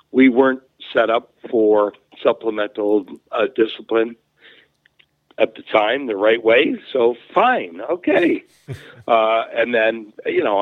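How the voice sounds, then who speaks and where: A man with a medium-pitched voice, formerly a hockey player, spins rambling anecdotes as an interview guest, repeatedly restarting and using fillers. The audio is dry and has a narrow, telephone quality.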